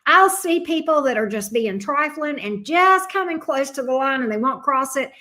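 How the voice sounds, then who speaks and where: A woman's voice: high-pitched, lively intonation, normal speed, pushed and bright. Blunt, profane woman chatting on a livestream. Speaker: tarot reader and livestream host. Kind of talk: casual livestream chat reading viewer comments.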